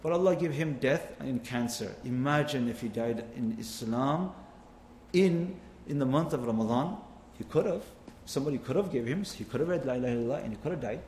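A man's voice: medium pitch, lively intonation, fairly quick, darkish tone, a little hiss or hum. A man preaching a sermon with impassioned, rising and falling delivery, mixing in Arabic phrases. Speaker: Islamic preacher. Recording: echoey hall, faint ambience.

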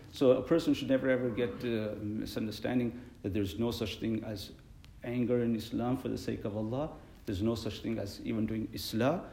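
A man's voice: lowish voice, vocal fry, dark tone, roomy sound, slight background noise. A man giving a sermon as an imam, telling stories earnestly and animatedly, mixing in Arabic phrases.

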